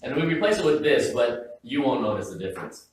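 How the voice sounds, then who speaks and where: A man's voice: mid-range voice, very animated, brisk, very echoey, distant mic, slight background noise, rough recording. A man preaching a sermon as pastor in a casual, joking, conversational way, often stopping and restarting his sentences. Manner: conversational, joking, self-interrupting. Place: church sanctuary.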